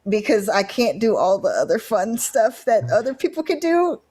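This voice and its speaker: A woman's voice: a little high, sing-song, moderate pace, mellow, breathy edge. A woman guesting on a casual podcast, bubbly and chatty, packing her talk with "you know" and "like". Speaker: guest cosplayer. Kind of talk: casual chat.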